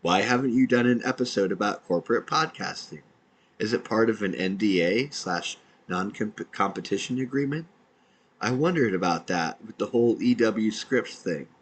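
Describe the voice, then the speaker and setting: A man's voice: fairly low pitch, husky, low-quality recording. A man, an independent podcaster, reading out his own messages in a dry, matter-of-fact way.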